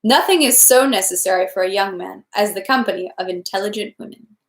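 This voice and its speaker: A woman voicing a smooth courtly old prince. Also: medium pitch, brisk, roomy sound, close to an everyday voice. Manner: polished and courteous.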